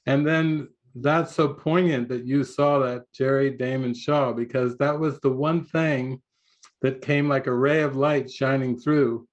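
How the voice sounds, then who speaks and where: An older man giving a spiritual retreat talk over a video call, rambling, with many restarts and frequent laughs. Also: on the high side. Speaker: spiritual teacher.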